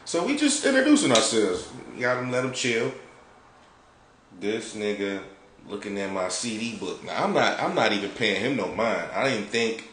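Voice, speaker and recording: Low-voiced, profane man telling a story. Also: moderate pace. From Detroit, United States. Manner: animated, profane, laid-back. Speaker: podcast host. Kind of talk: casual storytelling. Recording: roomy with faint background noise.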